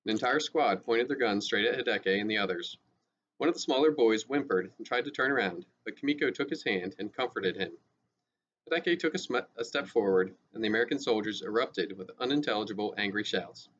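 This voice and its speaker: A male teacher reads a novel aloud at a steady, even pace, stopping now and then to restart a word. His voice is fairly low. The recording is dull and lo-fi, with a faint hiss. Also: a little fast.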